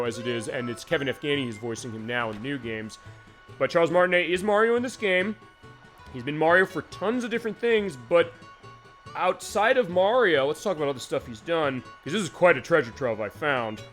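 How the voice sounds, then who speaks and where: A man's voice: on the high side, animated, fairly quick, fairly bright tone, soft background music. A man hosting a game stream, chatting casually and rambling with many fillers while he plays. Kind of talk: casual let's-play commentary.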